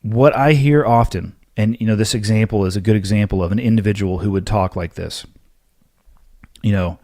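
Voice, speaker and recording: A man's voice: on the low side, fairly quick, darkish tone, no room sound, clean studio sound. A man hosting a podcast, answering listener questions alone in a blunt, emphatic manner with the odd curse. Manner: blunt, emphatic, occasionally profane. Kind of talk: solo Q&A monologue.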